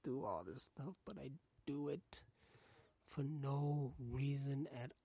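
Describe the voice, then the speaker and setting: A man's voice: mid-range voice, slow pace, creaky, breathy edge, dry recording. A man hosting a casual podcast monologue with a New York accent, swearing often and acting out little dialogues. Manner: profane, animated, acts out dialogue in voices. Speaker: podcast host.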